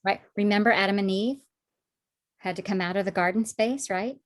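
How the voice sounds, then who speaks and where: A woman sharing her personal faith testimony in conversation, animated when acting out past moments, soft and low when reflecting. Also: normal speed. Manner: animated storytelling, acts out her own past words.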